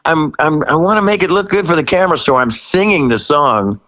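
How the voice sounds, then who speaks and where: A man in his sixties, a rock singer as a guest, telling a story in a casual interview, laughing often and jumping high when he quotes himself. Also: brisk, bright, forceful tone, low-quality recording.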